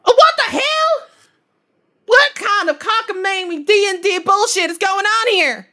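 A woman voicing a brash old woman trucker who shouts and exclaims in disbelief. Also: medium pitch, very animated, normal speed. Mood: panicked.

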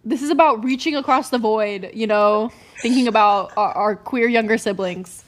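A woman's voice: a little high, normal speed. A woman co-hosting a podcast, giggly and effusive in casual chat and reading book narration aloud. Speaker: podcast co-host.

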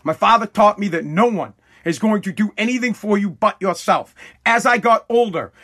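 A man's voice: high-pitched, moderate pace, pushed and bright. A man telling a casual story bluntly, full of swearing and restarts. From Massachusetts.

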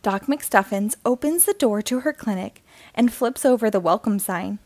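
A woman reading a children's picture book aloud in a gentle, expressive storytelling manner. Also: medium pitch, a little slow, dry recording. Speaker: storybook reader.

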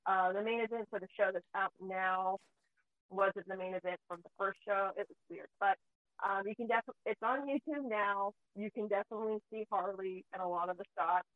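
A woman's voice: mid-range voice, steady tone, fairly quick, no room sound. A woman, a mother, chatting casually as a host and telling stories freely with plenty of swearing. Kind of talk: casual chat. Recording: tinny phone-like dry sound.

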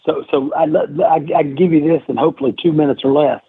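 A middle-aged man with a slightly high, husky voice tells a long anecdote with lively energy, putting on the voices of people in his story. He sounds like he is on a narrow, tinny phone-like line with a dry, close sound. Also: fast talker, dry recording. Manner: animated anecdote-telling, acts out others' lines. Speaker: podcast guest, former wrestler. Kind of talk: casual storytelling interview.

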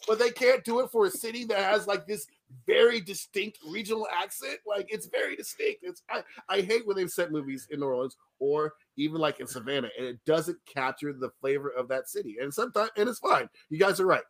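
A man's voice: high-pitched, brisk. A man co-hosting a podcast, chatting casually and jokingly complaining about a movie. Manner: animated, joking, complains with laughs. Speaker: podcast co-host. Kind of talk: casual chat, film review.

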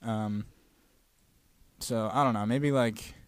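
A young man co-hosting a comedy podcast, telling conspiracy stories with deadpan irony and casual swearing. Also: on the low side, slow pace, clear, resonant tone, no room sound. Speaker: podcast co-host. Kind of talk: casual chat.

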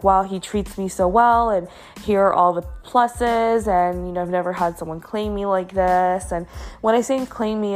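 A woman's voice: on the low side, a little mellow. A young woman hosting a podcast, telling a candid personal story in a rambling way with many fillers. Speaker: podcast host.

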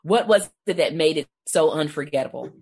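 A woman's voice: low-pitched, expressive, a little fast, darkish tone, slightly rough. An American woman hosting a podcast interview, asking open questions and laughing easily. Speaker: podcast host. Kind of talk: casual interview chat.

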